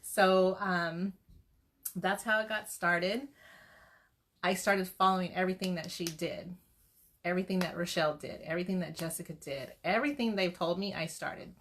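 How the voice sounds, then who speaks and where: A middle-aged woman giving an earnest, motivational pep talk to her sales team, telling her story in a lively way and acting out what people said. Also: on the low side, moderate pace, a little hiss or hum. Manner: earnest, faith-driven encouragement. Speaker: direct-sales team leader.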